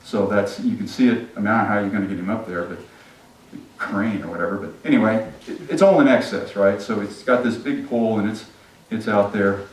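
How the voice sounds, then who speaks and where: A man's voice: fairly low pitch, a little fast. A male pastor giving a sermon, retelling a story casually and with humor. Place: church sanctuary. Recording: echoey sanctuary, distant mic.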